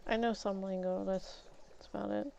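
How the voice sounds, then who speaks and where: A woman's voice: medium pitch, fairly even intonation, moderate pace, creaky, mellow, muffled recording. A woman gaming streamer chatting casually while she plays, rambling and candid with mild swearing. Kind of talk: casual chat while playing a game.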